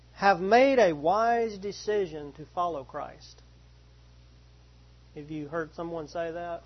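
A man teaching a Bible study, reading verses slowly and deliberately and repeating key phrases. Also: high voice, breathy edge. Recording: dull lo-fi recording.

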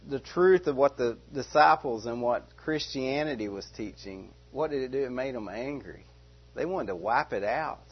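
A man teaching through a Bible passage verse by verse, earnest, often repeating himself and asking rhetorical questions. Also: mid-range voice. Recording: dull lo-fi recording.

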